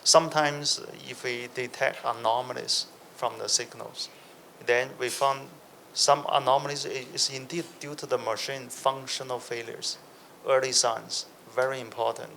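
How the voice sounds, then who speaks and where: Gravelly, bright-voiced man on a panel. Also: medium pitch, little pitch movement, normal speed, a little hiss or hum, rough recording. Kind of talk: panel discussion answer.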